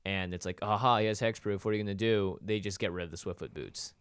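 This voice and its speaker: A man's voice: fairly low pitch, fast, clean tone, no room sound, studio quality. A man co-hosting a casual card-game podcast, chatty and loose, with lots of fillers. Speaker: co-host.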